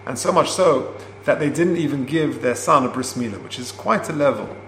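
A man teaching a Torah class, explaining Hebrew terms and telling a story in an unhurried way with many fillers. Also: medium pitch, fairly bright tone. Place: classroom, also streamed online. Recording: roomy with faint hum.

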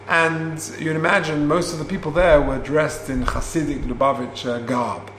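A man teaching a Torah class, explaining Hebrew terms and telling a story in an unhurried way with many fillers. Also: a little high, fairly bright tone. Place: classroom, also streamed online. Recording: roomy with faint hum.

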